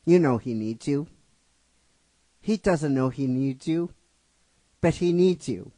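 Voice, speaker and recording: A man's voice: a little high, lively intonation, takes it slowly, dark tone, no echo. A middle-aged man casually narrating a fan-written story, rambling with frequent restarts and asides to his listeners. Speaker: narrator of a fan script series.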